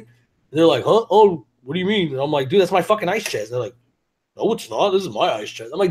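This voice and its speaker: A man with a slightly higher than usual voice, swearing freely and laughing as he tells stories. His talk is loose and casual, full of quoted back-and-forth. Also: expressive, fast, slightly rough. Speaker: show host. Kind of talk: casual chat.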